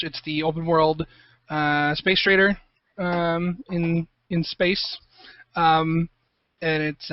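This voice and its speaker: A man, a composer guest, telling stories in a rambling, profane, excitable way in a casual interview. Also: fairly high pitch, clean tone, no echo, highs cut off. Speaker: guest, video game composer.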